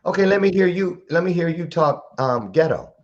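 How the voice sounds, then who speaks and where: Animated, joking man hosting a podcast. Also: on the high side, normal speed, muffled recording, slight background noise. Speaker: podcast host. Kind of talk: casual interview chat.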